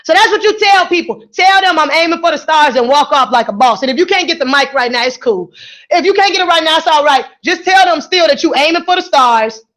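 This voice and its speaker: A woman hosting a radio show, giving energetic, playful motivational talk to her listeners. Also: high voice, fairly quick. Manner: energetic, playful, preachy and encouraging.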